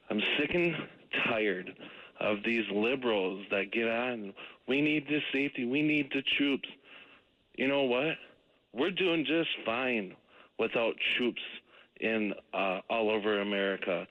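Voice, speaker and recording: A man in his forties from Wisconsin, calling in to a radio show and ranting with angry passion. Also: fairly low pitch. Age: 40s. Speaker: caller. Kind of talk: call-in radio talk. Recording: muffled phone-in line.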